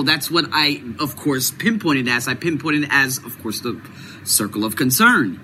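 A man's voice: mid-range voice, lively intonation, measured pace, bright, forceful tone, a little hiss or hum, poor audio. A man hosting his own video series, talking through a casual vlog monologue, emphatic and repeating words for stress. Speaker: video host.

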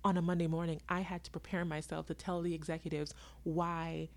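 A woman in her twenties telling her own story to her viewers, dramatic and animated, laughing often and acting out the people in it. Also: fairly low pitch. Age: 20s. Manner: voices herself and others in quick asides. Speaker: vlogger. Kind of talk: storytelling to camera.

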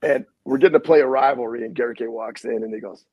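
Husky-voiced man telling animated stories. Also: medium pitch, fast talker, few pauses, no echo, rough recording. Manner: animated storyteller, acts out quotes, salty language. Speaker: head basketball coach, guest. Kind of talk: casual storytelling interview.

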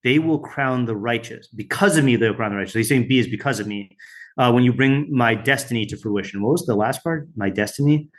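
A man's voice: medium pitch, fast talker. A man teaching a weekly Bible study class, reading translations aloud and stopping often with fillers and side remarks. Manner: reads translations, stops often with fillers and asides.

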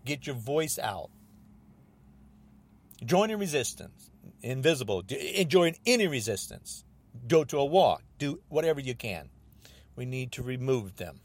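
An angry man hosting his own podcast, ranting about politics in an agitated, repetitive way, often rising almost to a shout. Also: mid-range voice, very animated, moderate pace. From United States. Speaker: podcast host.

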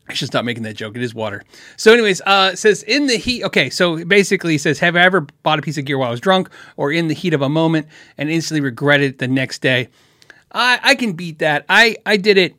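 A man hosting a casual livestream, answering viewer questions in a halting, rambling way with many restarts. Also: fairly high pitch, sharp tone, no echo, studio quality.

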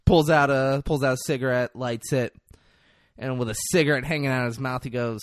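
A man in casual podcast chat, retelling a film scene with animated, loud impressions and lots of swearing. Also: mid-range voice, brisk, dry recording, studio quality. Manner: animated, acts out quotes loudly, swears a lot.

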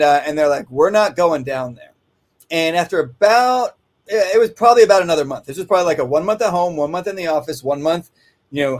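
Guy explaining dog training, kinda high voice, rambly and chatty, keeps saying right. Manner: rambling, conversational, frequent "right?" asides. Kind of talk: casual instructional talk. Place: kennel office.

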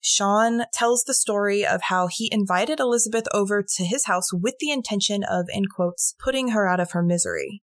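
A woman co-hosting a true crime podcast, retelling a case in a casual, animated way with some swearing. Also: medium pitch, no echo. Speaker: podcast co-host.

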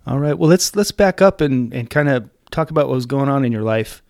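A man's voice: medium pitch, lively intonation, a little fast, creaky, darkish tone, no room sound, clean studio sound. A man interviewing a guest, prompting him with brief questions. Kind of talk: conversational interview.

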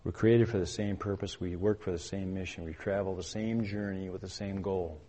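An older man preaching a sermon as a pastor. He speaks with emphasis, asks his listeners questions and builds to loud, urgent commands. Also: deep voice, fairly even intonation, normal speed, slight background noise. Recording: long hall reverb.

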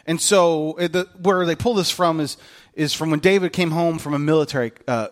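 A man preaching a sermon as a pastor, animated and candid, with self-mocking humor and voices acted out in quotes. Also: a little high, a little fast.

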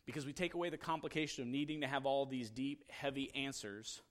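A middle-aged male pastor giving a conversational sermon, telling stories and moving between hushed asides and raised emphasis. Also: mid-range voice, fairly quick.

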